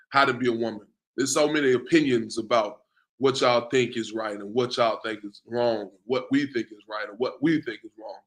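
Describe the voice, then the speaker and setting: A man's voice: mid-range voice, a bit bright, low-quality recording. A man hosting an online class in a loose, casual way, often tacking on "man" and "you know what I'm saying". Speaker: class host.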